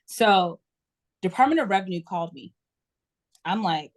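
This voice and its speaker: A woman guest in a casual interview who tells lively stories about self-care and acts out her own inner dialogue. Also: mid-range voice, normal speed.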